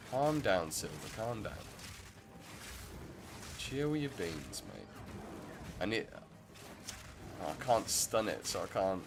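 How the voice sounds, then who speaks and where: Over a noisy background, a man with a lowish voice rambles through chatty gameplay commentary on his stream, frequently interrupting himself.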